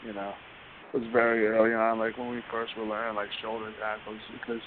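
A man's voice: lowish voice, completely flat delivery, a little fast. A man being interviewed as a guest, telling stories in a loose, rambling way full of "you know" and "like". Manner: rambling, filler-heavy, constant "you know" and "like". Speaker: guest wrestler. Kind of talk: casual interview storytelling. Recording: phone line with faint hiss.

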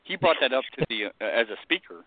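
A man's voice: mid-range voice, sing-song, fast, no room sound. A man co-hosting a casual radio show, talking enthusiastically with lots of fillers and restarts. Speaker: co-host. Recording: tinny phone-like sound.

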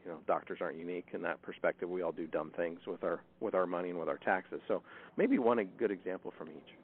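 Wry low-voiced host on a phone line. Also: male voice, quick pace, slight background noise. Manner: chatty, wry and sarcastic. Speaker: podcast host. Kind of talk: casual interview over a phone call.

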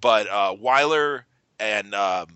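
Very bright-voiced man chatting casually. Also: lowish voice, slow pace, clear, resonant tone, dry recording, poor audio. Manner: rambling storyteller with many restarts and fillers. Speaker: podcast host. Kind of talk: casual chat.

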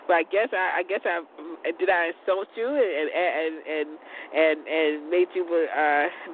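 A woman's voice: lowish voice, slight background noise. Stammering woman on a tinny phone line. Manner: stammering, repeats words, chatty and frank; laughs often. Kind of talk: casual monologue on a call-in show.

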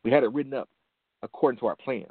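A man's voice: medium pitch, quick pace, husky, no room sound. A man in his forties, from Detroit, hosting a motivational show and telling a personal story earnestly, repeating phrases for emphasis. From Detroit, USA. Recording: dry phone-line sound.

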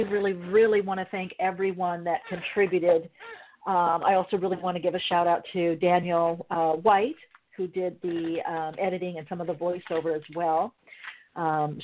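A woman's voice: lowish voice, slight background noise. A woman hosting a spiritual podcast, talking in an effusive, gushing way with plenty of fillers. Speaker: podcast host. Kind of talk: casual podcast talk. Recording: tinny phone-like line.

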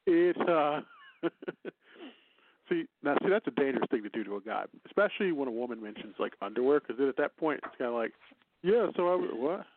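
A man's voice: medium pitch, animated, brisk, a little hiss or hum. A man from Chicago with a Chicago accent, hosting a radio show in casual banter, rambling and laughing often. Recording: phone-line internet radio.

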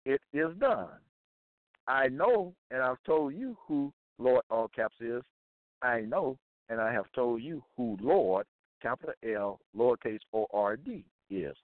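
A man teaching scripture in a deliberate way, reading out verses and repeating set phrases. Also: medium pitch, animated, no room sound. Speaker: religious teacher. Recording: tinny phone-like line, dry.

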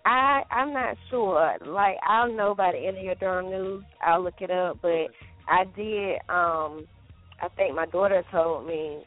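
A man's voice: high-pitched, measured pace, soft background music. A man co-hosting a casual radio show, chatty and a little hesitant. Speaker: radio co-host. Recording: tinny phone-like sound.

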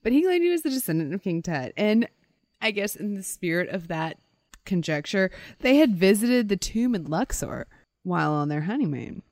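A woman's voice: fairly low pitch, darkish tone, no echo. A woman co-hosting a podcast, telling a story in casual chat and acting out quotes with playful voices. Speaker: podcast co-host.

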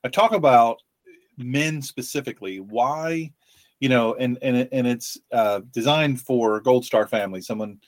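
A man hosting a faith-based podcast, talking earnestly with frequent restarts and pauses. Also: medium pitch, dry recording. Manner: earnest, halting with many restarts. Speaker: podcast host.

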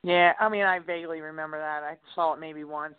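A woman co-hosting a casual radio chat, telling animated stories full of exclamations and laughter. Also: sits low, brisk, clear, resonant tone, no echo. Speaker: co-host. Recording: tinny phone-like line, dry.

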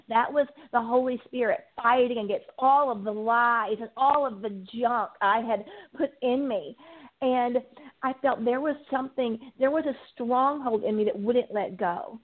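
A woman's voice: on the high side, unhurried. A woman guest and addiction recovery coach, giving an earnest, heartfelt personal testimony in an interview, with frequent ums. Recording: tinny phone-line sound.

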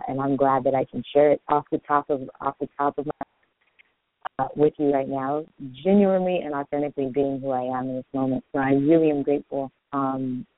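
Fast-talking man on a tinny line. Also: on the high side, no echo. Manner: fast, improvised, earnest. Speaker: radio show host. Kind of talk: spiritual talk monologue. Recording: tinny phone-line sound, dry.

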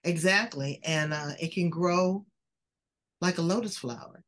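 A woman's voice: on the low side, measured pace, a bit bright. An older woman hosting a talk show, chatting in a frank, folksy way with casual swearing. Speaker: host. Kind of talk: casual interview chat.

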